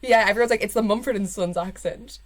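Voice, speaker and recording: A woman's voice: medium pitch, quick pace, slight background noise. A young woman with an Irish accent co-hosting a podcast, talking casually with lots of fillers and quoted asides. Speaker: podcast co-host. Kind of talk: casual chat.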